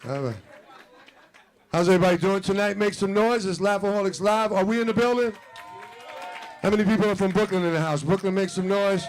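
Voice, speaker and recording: Male comedy host, high voice, loud hype crowd work, sing-song delivery over hip hop music. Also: a little fast, pauses often. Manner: hype, loud, calls out to the audience; half-sings lines over the music. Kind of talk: live stand-up crowd work. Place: comedy club stage before a live audience.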